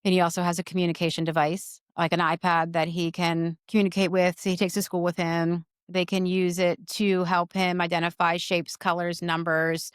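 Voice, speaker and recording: A woman in her forties, a mother talking earnestly in an interview, in quick bursts with many restarts. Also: fairly low pitch, little pitch movement, clean tone, dry recording, studio quality. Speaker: guest, mother. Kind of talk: conversational interview.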